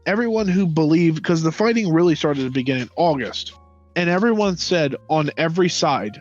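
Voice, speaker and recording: Here a man with a slightly high, expressive voice speaks at a moderate pace. He co-hosts a podcast and chats loosely about history, swearing and sneering as he voices nations in mocking quotes. Faint music plays under dull, lo-fi audio.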